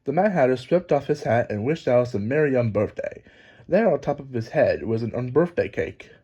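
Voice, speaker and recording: A man narrating a children's storybook aloud in a lively, expressive reading. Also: medium pitch, fairly quick, breathy edge, muffled recording. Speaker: storybook reader.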